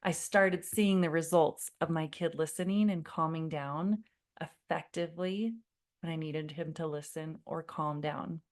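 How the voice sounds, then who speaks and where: Confiding woman parenting coach, lowish voice. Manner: warm, confiding storyteller who addresses viewers as friend; acts out her own past pleading in quoted lines. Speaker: parenting coach hosting a live workshop. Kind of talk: live online workshop talk.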